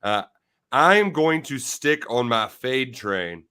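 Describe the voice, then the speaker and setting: A man's voice: mid-range voice, expressive, slow, bright, forceful tone, clean tone. A man co-hosting a podcast in casual sports betting chat, with playful, jokey, self-mocking banter. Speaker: podcast co-host.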